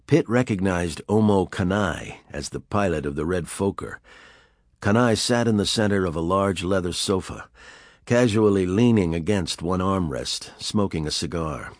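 A man narrating an audiobook thriller in a measured, even storytelling manner. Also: deep voice, no room sound, studio quality. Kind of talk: scripted narration.

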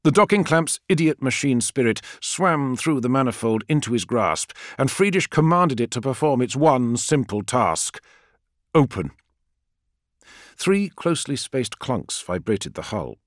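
A male narrator reads a science-fiction story with a lively, rising and falling delivery. His voice sits in a middle register and is recorded close and dry, with no room echo at all. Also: medium pitch. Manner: measured, expressive storytelling. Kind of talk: scripted audiobook narration.

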